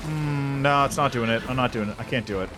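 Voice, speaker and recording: A man's voice: mid-range voice, a little fast, heavy background noise. A man streaming a video game with casual, rambling, joking commentary, reading game text aloud. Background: faint game music.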